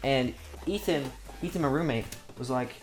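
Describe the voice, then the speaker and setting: A man's voice: medium pitch, moderate pace, soft background music. A young man telling a crude, rambling comedic story full of swearing, restarts and asides.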